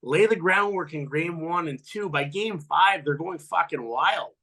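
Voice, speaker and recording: A man in his fifties, a former pro hockey player, telling profane locker-room stories as a podcast guest and loudly acting out what people said. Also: on the high side, a little slow. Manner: animated, profane, acts out quotes loudly. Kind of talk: storytelling in a podcast interview.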